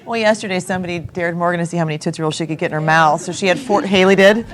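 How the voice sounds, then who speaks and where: A young woman, a volleyball player, chatting casually and chiming in with quick jokes. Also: lowish voice, fairly even intonation. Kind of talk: casual panel chat.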